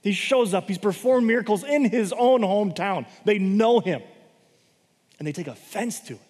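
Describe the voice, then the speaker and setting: High-voiced man teaching scripture, reverberant hall. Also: lively intonation, moderate pace, darkish tone. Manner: explains scripture plainly, often checking in with "okay?". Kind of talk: conversational Bible teaching.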